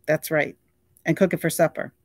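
A reader playing a relaxed, mischievous grown man, teasing in an easygoing drawl close to the narrator's own voice. Dry audiobook sound. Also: medium pitch, normal speed, husky, dry recording. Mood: wry. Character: laid-back adult male snake wrangler and father, teasing. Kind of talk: audiobook character voice.

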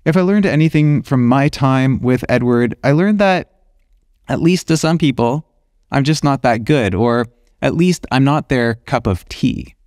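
A man's voice: medium pitch, animated, measured pace, a little mellow, dry recording, clean studio sound. A man, an illustrator hosting his own podcast, talking through his ideas in a thoughtful, conversational way. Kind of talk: reflective solo podcast talk.

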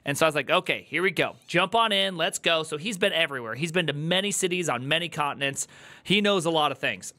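A man with a bright, forward voice gives rambling, sarcastic commentary while reacting live to a news video. His talk is loose and full of fillers and asides. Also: on the high side, animated, fast. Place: home streaming setup.

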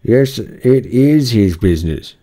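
A man's voice: medium pitch, lively intonation, slow pace, mellow, pitched above the performer's own voice. A man reading an audiobook, voicing a sulky, tattling male card gardener.

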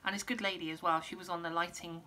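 A woman, a musician giving a casual vlog update, rambling with many pauses and restarts, her voice going hoarse. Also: lowish voice, steady tone, pushed and bright, a little hiss or hum. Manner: rambling, lots of ums and restarts. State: losing her voice, clearing throat.

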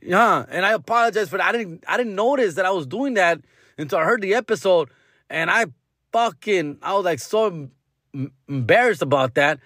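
A male comedian hosts his podcast in a casual storytelling voice. He sits a little high in pitch and swings it widely. He swears freely and mixes in Spanish slang. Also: animated, a little fast, a bit bright, no echo, clean studio sound. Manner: profane, slangy, drops Spanish words.

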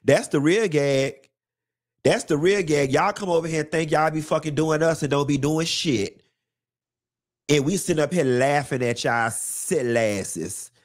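A slightly high-pitched man with an African American Vernacular English accent hosts a live stream and rants without a filter. He sounds a little tipsy, sassy and profane, and he stretches his words and repeats his punchlines for emphasis. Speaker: host of a live commentary stream. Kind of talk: unfiltered casual rant.

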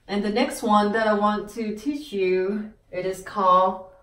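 A woman teaching pronunciation, sounding out each syllable slowly and repeating words. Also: mid-range voice, fairly even intonation, a bit bright, roomy sound, distant mic. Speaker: language teacher. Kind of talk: slow pronunciation lesson.

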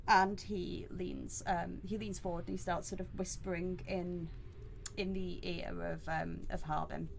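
A woman, narrating a tabletop game as dungeon master, talking in halting bursts with many fillers and restarts on a headset mic. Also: fairly low pitch, flat delivery, vocal fry, slight background noise, rough recording.

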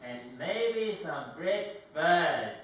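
An actor playing a slow, simple-minded young Southern man in a live stage comedy, drawling haltingly. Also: high voice, pushed and bright, a little hiss or hum. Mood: dreamy. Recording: echoey theater stage from far off.

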